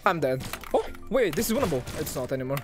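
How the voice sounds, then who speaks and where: A young man giving excitable live commentary while playing a fighting game, shouting at big plays and groaning at his mistakes. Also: a little high, fast. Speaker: gaming streamer. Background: game music.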